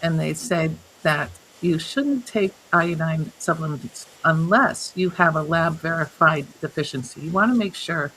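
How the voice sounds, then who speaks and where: A woman guest, a health coach, telling stories in an interview, animated and laughing often as she acts out what others said. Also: low-pitched, unhurried, few pauses, slight background noise, rough recording. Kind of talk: storytelling in an interview.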